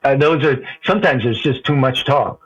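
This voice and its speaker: A man's voice: mid-range voice, moderate pace, slightly rough, highs cut off. A man calling in to a show, chatting casually, rambling and laughing often. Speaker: caller. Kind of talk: casual call-in chat.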